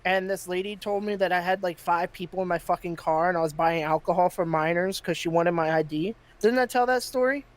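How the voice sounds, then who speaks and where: A man's voice: high voice, fairly quick, hardly any pauses. A man hosting a podcast, telling a story in casual chat and getting heated, with plenty of swearing. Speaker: podcast host.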